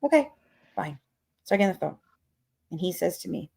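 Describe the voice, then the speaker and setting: A woman's voice: on the low side, big pitch swings, brisk, gravelly, pauses often, a little mellow, slightly rough. A woman hosting a podcast, telling a story in a casual rant that is profane, emphatic and dramatic. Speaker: podcast host.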